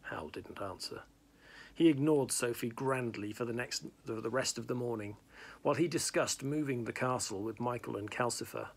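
Brief: man narrating a fantasy novel read-aloud, gravelly and husky, unpolished delivery with restarts. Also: medium pitch, normal speed. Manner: plain narration with small slips and restarts. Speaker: reader.

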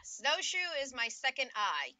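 A woman's voice: on the high side, sing-song, sharp tone, dry recording. A woman from Scotland chatting playfully and joking while she colors her art. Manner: playful, goofy, quick to joke. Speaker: artist hosting a drawing video. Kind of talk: casual chat while coloring.

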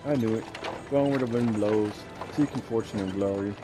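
A man's voice: lowish voice, normal speed, lightly acted. A man voicing a talkative old male peddler with a rustic put-on accent, reading game lines aloud and stumbling at times. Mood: folksy. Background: game music.

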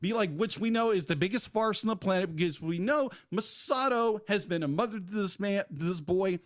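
Speaking a little fast in a high voice, this podcast co-host vents about an anime character, emphatic and exasperated. It's a casual podcast review.

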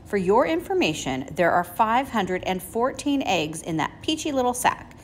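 A woman's voice: medium pitch, very animated, normal speed, a little hiss or hum, voice pushed up, natural voice. A woman voicing a young male pig in a storybook reading, talking proudly and indignantly. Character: young excited piglet, boy-like.

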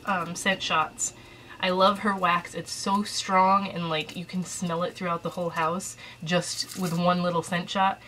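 A woman's voice: fairly low pitch, pushed and bright, slight background noise, rough recording. A woman vlogging at home, chatting casually through an unboxing, a little out of breath and mildly stuffed up, with a camera resting on a shelf. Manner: chatty and rambling, with fillers.

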